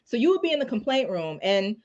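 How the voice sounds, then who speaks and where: A woman criminal law attorney, a guest telling stories in a casual, animated way with many fillers. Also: a little high, fast, muffled recording. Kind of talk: casual storytelling in a live discussion.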